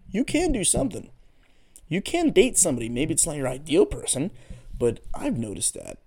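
Man, casual solo podcast host, swears a lot, rambling, goofy, pitch bouncing all over. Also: gravelly, darkish tone. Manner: profane, rambling, goofy tangents.

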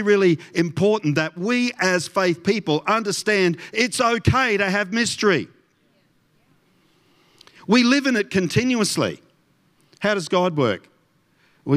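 Pastor guy giving a sermon, kinda high voice, keeps asking the crowd stuff. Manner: conversational, asks the congregation questions.

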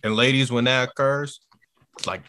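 A man hosting a casual podcast chat, relaxed and agreeable as he wraps up topics. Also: mid-range voice, moderate pace. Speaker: podcast host.

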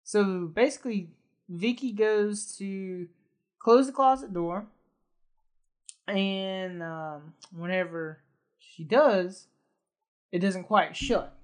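A man's voice: high-pitched, slow pace, pauses often. A man in a casual podcast chat, recapping a film in a rambling way with many fillers and frequent laughs. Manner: rambling, hesitant, laughs often. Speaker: podcast co-host.

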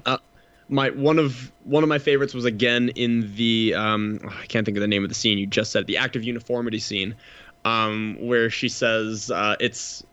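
A man's voice: lowish voice, level tone, moderate pace, a bit bright, smooth. A man co-hosting a movie podcast, talking casually with a wry, joking manner and some swearing. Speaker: podcast co-host. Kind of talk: casual chat. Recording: slightly dull lo-fi mic.

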